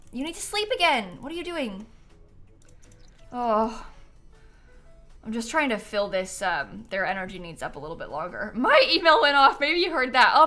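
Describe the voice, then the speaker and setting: A woman's voice: on the high side, sharp tone. A woman chatting casually on a live stream while she plays a life-sim game, giggling often and answering questions from chat.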